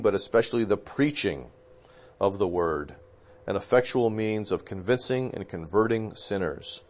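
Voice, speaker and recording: A man, a pastor, talking through theology in a casual discussion, rambling a little and correcting himself as he remembers. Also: fairly low pitch. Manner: relaxed, rambling, with fillers and self-corrections.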